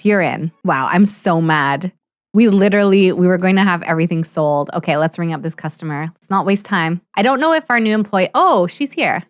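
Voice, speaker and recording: Woman let's play host, low-ish voice, excitable and chatty, close dry mic. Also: dry recording. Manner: chatty and excitable, quick laughs and mock outrage. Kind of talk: casual gameplay commentary.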